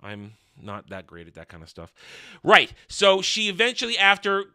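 A man's voice: high voice, wildly swooping pitch, normal speed, sharp tone, clear, resonant tone. A man giving a sarcastic, exasperated movie review, ranting as a film reviewer.

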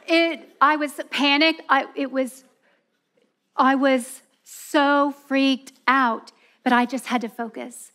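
A woman's voice: sits high, fairly even intonation, slow pace, sharp tone. A woman giving a sermon at a women's church event, earnest and telling a personal story. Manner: earnest, storytelling, acts out voices with laughs.

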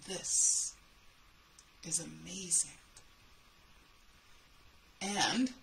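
Woman book coach, bright voice, animated storytelling, a little hiss behind. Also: fairly low pitch, vocal fry, poor audio. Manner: animated storytelling, acting out her own fear and the coach's calm replies. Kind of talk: motivational storytelling lesson.

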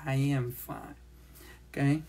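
Slow-paced sign language teacher. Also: mid-range voice, gravelly, warm tone. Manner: speaks slowly, repeats phrases while demonstrating signs. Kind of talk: slow classroom lesson.

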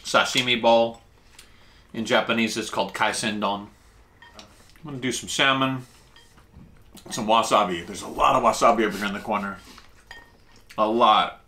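A man's voice: normal speed, pauses often, slight background noise. A man hosting a casual food vlog, tasting dishes and explaining Japanese food words as he eats, talking with his mouth full. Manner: eats while talking, with lively jumps in pitch.

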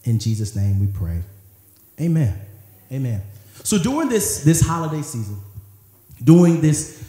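A male pastor preaching in an animated call-and-response style, breaking into loose, joking asides. His voice sits a bit high with a mellow, warm tone. It carries through a very echoey church hall. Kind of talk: sermon. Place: church sanctuary.

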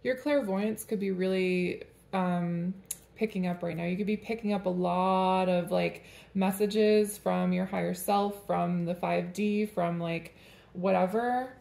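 Chatty woman with a gravelly edge. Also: fairly low pitch, fairly even intonation, unhurried, dark tone, reverberant. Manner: chatty, rambling, laughs often. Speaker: tarot reader. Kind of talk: casual tarot reading to camera.

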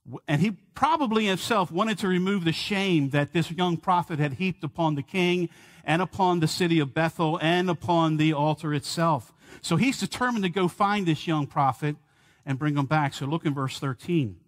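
A middle-aged male pastor delivers an expository sermon from the pulpit. His voice sits fairly high for a man, and he preaches with earnest emphasis, asking the congregation questions and driving each point home. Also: moderate pace.

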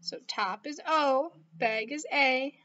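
A woman teaching a phonics lesson to young children, slowly and patiently sounding out each letter. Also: high-pitched, sharp tone, lo-fi sound.

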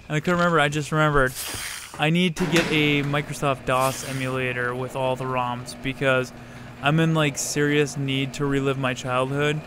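A young man with a slightly high voice narrates his gameplay live, swearing freely as he chats with his viewers and yells at the screen. He talks into a desk mic with steady background noise behind him. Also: fairly quick. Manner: profane, chatty, outbursts at the game, greets viewers. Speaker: let's play streamer. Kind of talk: casual live-stream gaming commentary.

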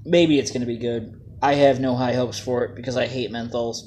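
A man's voice: medium pitch, steady tone, brisk, darkish tone, slight background noise. A man casually reviewing vape juices, joking and plain-spoken in a laid-back way.

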